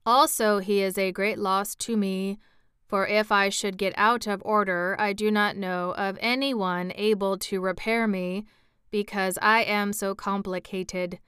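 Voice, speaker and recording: A formal clockwork man of copper speaks in a storybook, stiff, measured and courteous, as a woman reader puts him on. The voice is smooth and resonant, set a little higher and louder than plain talk, unhurried, in a dry, close sound. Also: steady tone, dry recording, lightly acted. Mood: earnest.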